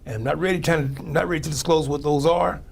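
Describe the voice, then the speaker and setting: Gravelly-voiced St. mayor talking casually. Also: male voice, a little high, steady tone, fast. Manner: conversational, with frequent restarts and fillers. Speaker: mayor, guest. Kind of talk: casual interview answers.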